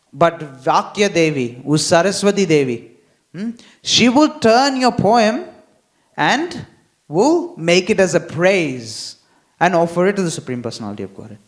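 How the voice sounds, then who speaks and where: A man with a slightly high voice delivers a devotional class at an easy, unhurried pace. He checks in with the listeners again and again and acts out the voices in the stories he tells. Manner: unhurried, frequent "hmm?" check-ins, acts out quotes. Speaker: temple speaker.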